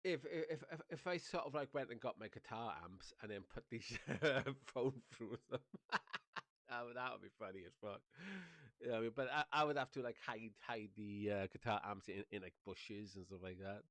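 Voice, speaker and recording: A man's voice: medium pitch, moderate pace, fairly bright tone, no room sound. A Welsh man rambling through a casual vlog monologue, chuckling often and swearing freely, with many fillers. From Wales. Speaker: vlogger.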